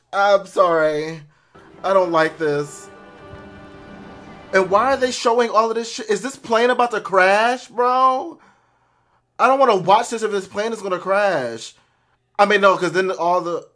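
A man reacting to a film for viewers, jumpy and loud, screaming, swearing and talking straight to his audience. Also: high-pitched. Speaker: movie reactor.

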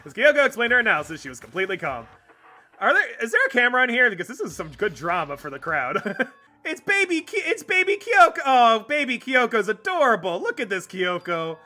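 Young male let's-play streamer, high and very lively voice, reads game lines aloud, swears and laughs a lot. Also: fairly quick, faint music behind.

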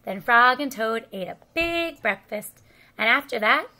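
Brief: female children's story reader, high pitch, unhurried and careful. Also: expressive, pushed and bright. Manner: slow, careful read-aloud for children. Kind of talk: children's story read-aloud.

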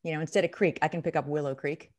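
A middle-aged woman with a low voice coaches a listener through a reading technique. She talks emphatically, often acting out examples as she teaches. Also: steady tone, very fast, a little mellow. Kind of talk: instructional interview.

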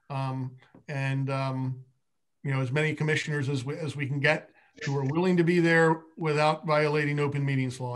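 A man with a slightly raised voice speaks as a financial consultant at a business meeting. He talks haltingly, with restarts and plenty of fillers. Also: a little high.

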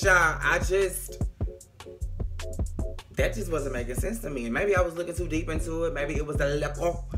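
A young adult vlogger recapping a TV episode in a sassy, dramatic way, acting out the characters' lines and speaking frankly and profanely to the viewers. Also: mid-range voice. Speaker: TV episode reviewer. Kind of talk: casual, animated recap with impressions.

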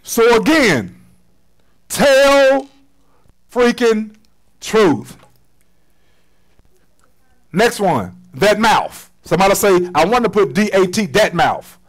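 High-voiced preacher, loud then hushed. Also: male voice, big pitch swings, normal speed, husky, rough recording. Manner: conversational preaching with slang, swings from loud to hushed. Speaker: pastor. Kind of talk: sermon. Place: church sanctuary.

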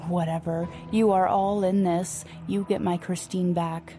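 A woman's voice: fairly low pitch, little pitch movement, a little slow, dark tone, soft background music, close to an everyday voice. A woman reading the part of a furious older man, a ruthless lord, with a harsh, scolding delivery.

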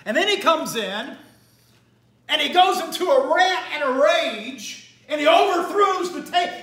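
A male evangelist preaching a fiery sermon, shouting at times and dropping to a hush at others. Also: very high-pitched, expressive, normal speed, reverberant. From United States. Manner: fiery, shouting and swinging from loud to hushed.

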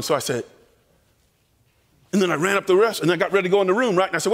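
A man telling lively family stories in a chapel sermon, acting out the voices. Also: sits high, racing, long pauses, big-room sound. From American South. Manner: animated storyteller acting out voices. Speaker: chapel speaker. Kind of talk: storytelling sermon. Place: college chapel.

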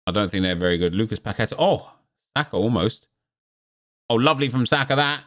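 A man's voice: fairly low pitch, brisk. Man commentating game pack openings. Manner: chatty, jumps into excited exclamations at pulls. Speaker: gaming channel host. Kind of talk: casual gameplay commentary.

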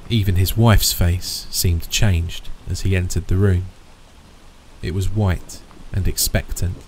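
A man reading a horror story aloud in a slow, measured, ominous manner. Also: low-pitched, dark tone, a little hiss or hum, low-quality recording. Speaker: narrator. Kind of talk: scripted horror narration.

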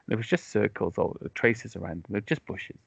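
A British podcast host with a fairly low, gravelly, breathy voice talks briskly in a casual chat, sounding chatty, self-mocking, and rambling. The recording is dry, with no echo and a dull lo-fi quality.

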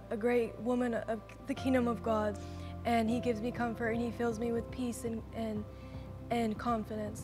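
An eighteen-year-old woman giving a sincere personal church testimony. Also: a little high. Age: young adult.

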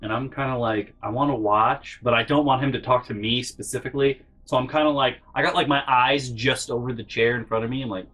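A man telling a funny story in a profane, animated way, acting out the people in it. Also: medium pitch, fairly quick, hardly any pauses, poor audio. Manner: animated, profane, acts out every character. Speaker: storytelling comedy vlogger. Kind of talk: comedic storytelling.

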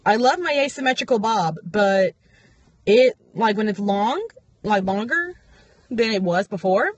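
A young woman in casual vlog chat, telling her day in a chatty, upbeat way. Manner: chatty and upbeat, high baby talk to her dog. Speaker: vlogger.

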